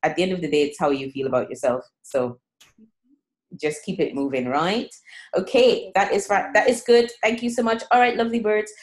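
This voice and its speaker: Podcast host lady, kinda low voice, encouraging and chatty, some ums. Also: a little fast. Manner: warm encouraging, rambling with fillers. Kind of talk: podcast interview and outro.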